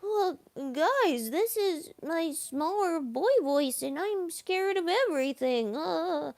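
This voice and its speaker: A woman voicing a small, shy boy who is scared of everything, as a quick demo of her range. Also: very high-pitched, expressive, voice pushed up, full character voice. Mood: nervous. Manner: shy, nervous. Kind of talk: voice demo on a livestream.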